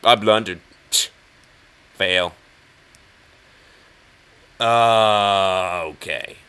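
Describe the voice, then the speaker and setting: A man's voice: fairly low pitch, fairly even intonation, very slow, bright, forceful tone, smooth. A man with an English accent, rambling and mocking himself as he comments on his own chess game. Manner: rambling, self-mocking, talks to himself and the opponent. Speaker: chess channel host.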